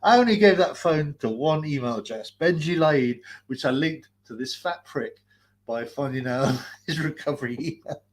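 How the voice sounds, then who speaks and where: Speaking at normal speed in an expressive, fairly high voice, a man rants on a live stream, swearing, mocking, and laughing as he imitates callers abusively. His blocked nose makes his breathing audible.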